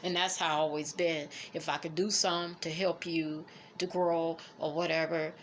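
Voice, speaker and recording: A middle-aged woman, speaking haltingly and emotionally as she reflects on family in a personal vlog. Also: low-pitched, flat delivery, a little hiss or hum. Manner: emotional, halting, fighting back tears. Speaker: vlogger.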